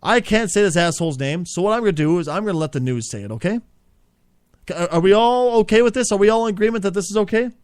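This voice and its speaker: A man's voice: sits high, fast, clean tone, no room sound, studio quality. A man hosting an improvised comedy show, ranting in a profane, exasperated, rambling way.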